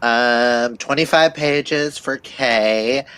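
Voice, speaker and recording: Slow-talking man host, dry sound. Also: mid-range voice, fairly bright tone, smooth, dry recording. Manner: chatty, tells stories with acted-out quotes. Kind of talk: casual chat.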